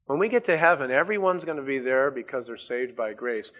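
A man preaching a sermon as a pastor, stressing and repeating key words with slow, deliberate emphasis. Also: medium pitch, lively intonation, fairly bright tone.

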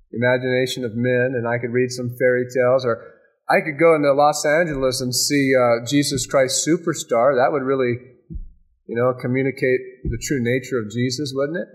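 A man preaching a sermon, emphatic, with repeated phrases and dramatic pauses. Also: medium pitch. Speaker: pastor.

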